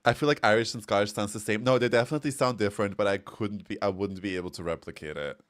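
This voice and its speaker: A man's voice: fairly low pitch, fast talker. A man streaming a game, chatting casually and giggling as he reacts to chat messages.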